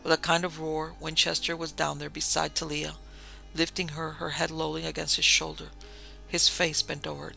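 A man narrating an audiobook in a steady, evenly paced storytelling manner. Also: a little high, moderate pace, gravelly, faint music behind.

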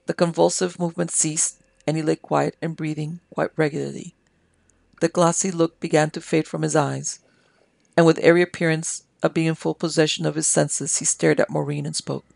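An audiobook narrator reading a story in a measured, dramatic way. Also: medium pitch, little pitch movement, creaky, a little mellow, no echo. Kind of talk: scripted narration.

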